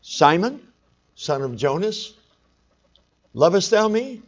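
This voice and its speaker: A man preaching, voicing Jesus as a calm teacher speaking in slow, old-fashioned solemn phrasing. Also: sits high, lo-fi sound, exaggerated voice. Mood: questioning gently.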